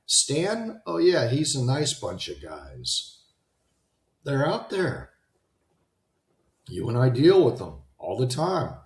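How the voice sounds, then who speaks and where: A man's voice: medium pitch, huge pitch swings, slow, long pauses, roomy sound. A man giving an unscripted motivational talk, rambling and conversational, often restarting his sentences. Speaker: self-help talk host.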